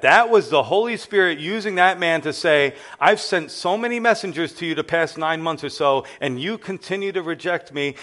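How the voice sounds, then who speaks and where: A middle-aged pastor preaches his sermon as an animated personal testimony, acting out the voices of people in his story. His pitch is fairly high, his pace moderate, with few pauses.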